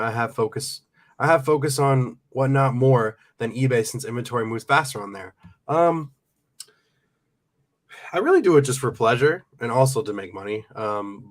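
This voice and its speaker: A young man hosting a relaxed live stream. He reads viewer comments aloud and laughs easily. His voice sits at a middle pitch and stays casual. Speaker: livestream host and reseller. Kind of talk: casual livestream chat.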